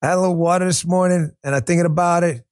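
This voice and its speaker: A man's voice: high voice, steady tone, very fast. A man from Queens, New York, hosting a political commentary podcast in a brash, profane, rambling way with frequent restarts. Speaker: host.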